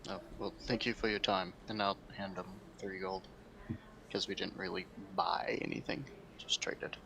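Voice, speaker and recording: A man talks casually at a tabletop game, hesitant and full of pauses. His voice sits low, with faint noise in the background. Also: flat delivery, vocal fry. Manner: hesitant, with fillers. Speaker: player.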